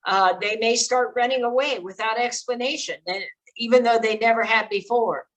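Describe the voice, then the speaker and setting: At normal speed and in a slightly high voice, an older woman addresses parents with sincere, direct advice in a presentation on child exploitation prevention. Fillers come often, and the audio is poor.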